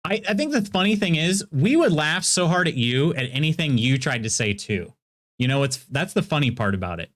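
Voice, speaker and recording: A man's voice: a little high, sing-song, brisk, fairly bright tone. A man with a Midwestern American accent, a streamer chatting casually with viewers while playing a game, laughing often as he reacts to their messages.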